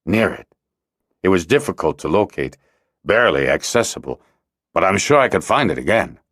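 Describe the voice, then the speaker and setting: A man's voice: sits low, very animated, normal speed, fairly bright tone, slightly rough, no echo, studio quality, full character voice. A man voicing a humble, cunning shunned male miner in an audiobook, who speaks in a pleading, submissive way.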